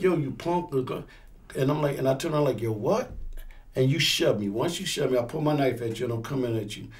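A man's voice: mid-range voice, a little mellow. A man who teaches firearms classes and serves as a pastor, talking casually in an interview and acting out scenarios with quoted voices.

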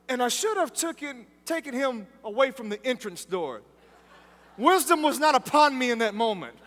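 Guy with a really high voice preaching, jokey storyteller, big echoey hall. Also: brisk. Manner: lively, joking storyteller. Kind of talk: sermon. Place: large event hall. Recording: long hall reverb from live event.

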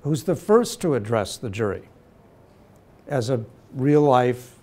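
A man giving a university law lecture in a deliberate, measured way, slowing to stress key terms. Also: medium pitch, sing-song, dark tone.

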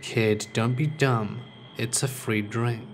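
A man voicing a creepy older stranger in his fifties who talks in a slow, quiet, coaxing way. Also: medium pitch, fairly even intonation, slight background noise. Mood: menacing.

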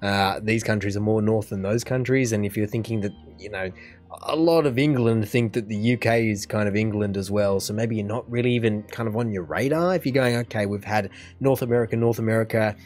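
A man's voice: fairly low pitch, brisk, darkish tone, faint music behind. An Australian man hosting a reaction video, chatting casually and thinking aloud while he acts out other people's lines. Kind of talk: casual commentary.

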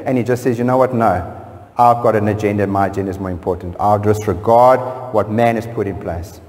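A male pastor preaching in a church hall with long reverb. His fairly low, mellow voice climbs high and gets louder as he presses his main points. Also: steady tone, fairly quick. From South Africa. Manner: preaching with sudden rises in pitch and force on key phrases. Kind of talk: sermon.

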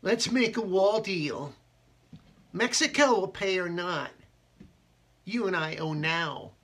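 A man's voice: sits high, fairly bright tone, voice pushed up, heavily acted. A man putting on an impression of a blustering older male politician, drawing out his words in a brash, boastful way. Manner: brash, drawn-out, boastful delivery.

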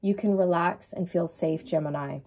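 A woman's voice: fairly low pitch, moderate pace, mellow. A woman reading tarot cards for viewers, speaking in a soothing, affirming and repetitive way. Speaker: tarot reader.

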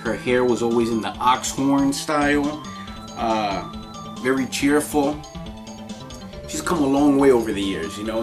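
A man giving casual countdown commentary in a crude, rambling, profanity-heavy way, often laughing. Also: mid-range voice.

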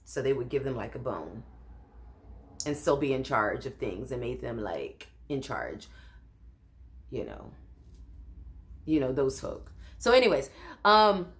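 A woman teaching a Bible study in an informal, conversational way, often restarting and adding asides. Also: a bass voice.

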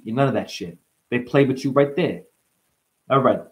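Man, livestream host, casual, joking, medium pitch. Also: moderate pace. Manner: loose, joking, talks to chat by name. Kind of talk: casual livestream chat reading comments.

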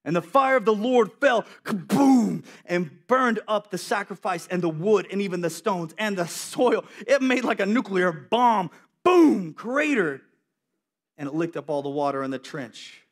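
A male preacher giving a sermon, telling a story in an animated way with acted-out voices. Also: sits high, a little slow.

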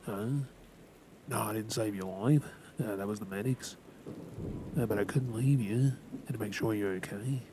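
Soft Australian man, whispered role-play. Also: on the low side. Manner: soft, gentle and reassuring, halting with fillers. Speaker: ASMR creator. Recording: rain and thunder noise behind. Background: steady rain and thunderstorm.

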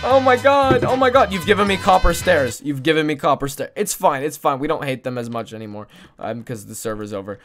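An excitable woman streamer gives casual gaming commentary, her pitch leaping wildly from squeals of delight to low mumbles. She coos at a pet in a baby voice, with faint game music playing underneath. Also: a little fast. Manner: excitable, swinging between squealing joy and mumbled asides.

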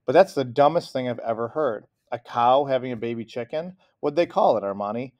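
A man's voice: mid-range voice, brisk, darkish tone, natural voice. A man reading aloud and voicing a cocky older brother who mocks his sister. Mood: mocking. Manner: mocking, laughing jeers.

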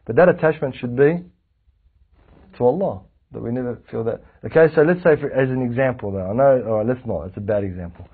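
A man giving a casual religious class, lively and animated, acting out little anecdotes. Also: medium pitch, a little fast, breathy edge. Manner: lively, animated, acts out anecdotes, frequent restarts. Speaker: religious teacher. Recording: tinny phone-like lo-fi recording.

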